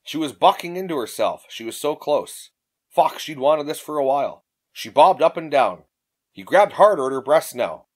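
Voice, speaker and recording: A man narrating an audiobook in an expressive reading. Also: fairly high pitch, moderate pace.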